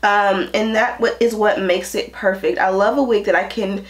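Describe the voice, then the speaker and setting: A congested woman with a cold, chatting casually as a beauty vlogger through a wig tutorial, with relaxed asides. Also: mid-range voice, normal speed.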